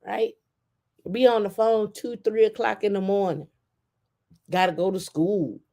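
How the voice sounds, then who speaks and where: A woman host in casual chat, telling stories in an animated way and acting out quotes. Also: medium pitch, normal speed. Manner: animated storytelling with acted-out quotes.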